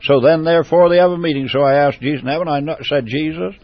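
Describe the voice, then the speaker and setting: A man's voice: on the high side, racing, no echo, lo-fi sound. A man preaching a sermon, repeating phrases with emphatic, rising fervor.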